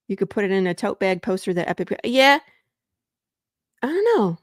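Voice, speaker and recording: A woman from Michigan hosting a casual talk show, chatty and quick to jump between topics. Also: mid-range voice, sing-song, no room sound, clean studio sound. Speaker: podcast host. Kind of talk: casual chat.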